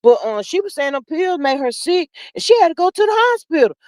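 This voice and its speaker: Woman live-stream host, high voice, sassy folksy chatter, lots of drawn-out fillers, dry close sound. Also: big pitch swings, a little mellow, dry recording. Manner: sassy, folksy, calls listeners child and honey; drawn-out fillers, laughs often. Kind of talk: casual live-stream chat reading comments.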